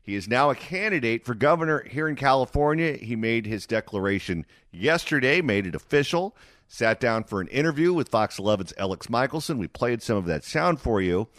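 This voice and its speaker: A man hosting a call-in radio talk show, jokey and quick to move between callers. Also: mid-range voice, lively intonation, a bit bright, no echo, clean studio sound. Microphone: studio mic.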